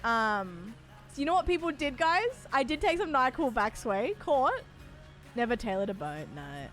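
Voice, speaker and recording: A woman from Australia with a soft Australian accent, chatting casually with her viewers while streaming a game. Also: high voice, very animated, normal speed, soft background music. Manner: chatty storyteller, talks to her chat by name. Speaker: livestreamer.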